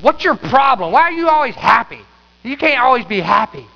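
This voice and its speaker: A male pastor voicing an older woman churchgoer who scolds him loudly. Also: very high voice, very animated, fairly quick, creaky, long reverb tail, muffled recording, voice pushed up, exaggerated voice. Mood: scolding. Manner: yelling, accusing.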